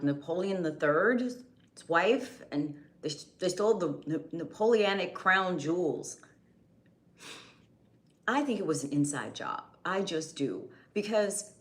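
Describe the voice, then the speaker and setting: Young woman live streamer, lowish pitch, a little strained, chatty and loose. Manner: chatty, greets viewers by name, restarts sentences. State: voice going, slightly strained. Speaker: livestream host. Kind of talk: casual live stream chat.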